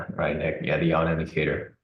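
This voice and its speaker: Low-voiced man commenting on live trading. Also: moderate pace, reverberant, dull audio. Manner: relaxed, thinking aloud with fillers. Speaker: trading streamer.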